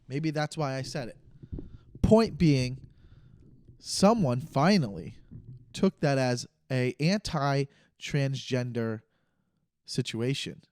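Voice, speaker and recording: A man's voice: mid-range voice, slow, a little mellow, clean tone, no echo, clean studio sound. A man hosting his own podcast, a stand-up comedian talking casually in a rambling, stop-start way and correcting himself mid-sentence. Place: living room.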